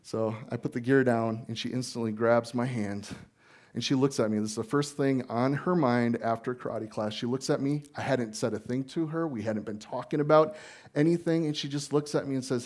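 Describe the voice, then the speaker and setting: A man's voice: medium pitch, a little fast, a little mellow. Earnest conversational male pastor. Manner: earnest and conversational, calling the congregation "guys". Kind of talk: sermon. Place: church sanctuary.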